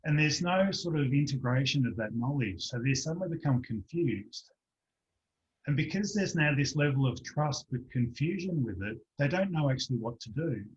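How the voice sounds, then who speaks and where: A man, a practitioner telling a lively anecdote as a guest in an online interview, acting out the voices of the people in it. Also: mid-range voice, normal speed. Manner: animated storyteller, acts out voices in anecdotes. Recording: dull lo-fi online call audio.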